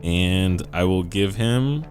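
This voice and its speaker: A man's voice: low-pitched, lively intonation, takes it slowly, a little mellow, soft background music. A man playing a tabletop role-playing game, talking casually and hesitantly with many fillers. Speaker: player.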